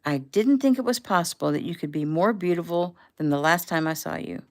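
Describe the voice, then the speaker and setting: A woman reading the lines of a kind, gracious older man, gentle and formal. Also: lowish voice, brisk, close to an everyday voice.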